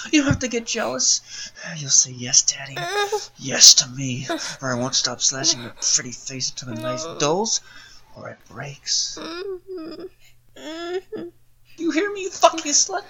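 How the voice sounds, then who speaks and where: A man's voice: a little high, rough recording. A man playing a volatile, menacing father. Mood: unhinged. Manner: swings from crooning to snarling.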